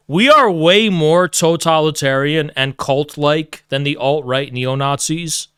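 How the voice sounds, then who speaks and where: A man's voice: high voice, sharp tone, smooth, no room sound, clean studio sound. A man ranting sarcastically on a stream, rambling and laughing often between sentences. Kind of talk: casual political rant.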